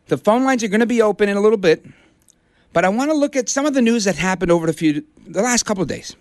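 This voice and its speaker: New guy on talk radio, preachy rally-the-troops monologue, voice a bit high. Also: no echo, clean studio sound. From Brooklyn, USA. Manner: emphatic, preachy rallying delivery with drawn-out slow phrases. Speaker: radio talk show host.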